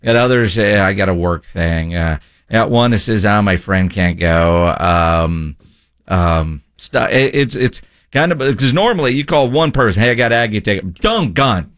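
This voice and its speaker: A man's voice: lowish voice, lively intonation, fairly bright tone, smooth, no room sound, clean studio sound. A man co-hosting a sports radio show, chatting casually in a rambling way. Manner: rambling, chatty, quick asides.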